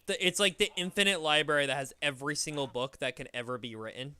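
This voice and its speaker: A young man streaming a game and chatting casually, rambling and swearing as he tells animated stories. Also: a little high, fast talker, clear, resonant tone. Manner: rambling, profane, animated storytelling. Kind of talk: casual gaming chat.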